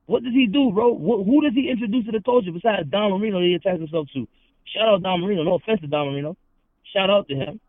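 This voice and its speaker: A heated man with a fairly high voice comes through a tinny, phone-like line with no room sound. He argues hard, repeats his points and speaks in street slang as a podcast guest. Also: fast, dry recording. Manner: heated, repetitive, confrontational, slangy.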